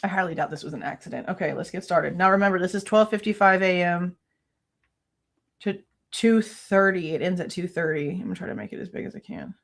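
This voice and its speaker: A woman's voice: lowish voice, fairly quick, vocal fry. A woman hosting a casual true crime livestream from home, exasperated and ranting, swearing loosely and thanking viewers between complaints. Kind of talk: casual livestream reaction chat. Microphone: no headphones, desk mic.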